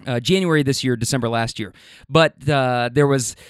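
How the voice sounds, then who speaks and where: A man's voice: mid-range voice, normal speed, clean tone, no echo, studio quality. A young man hosting a casual solo podcast, telling stories in a chatty way, often laughing and acting out what people said. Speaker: podcast host.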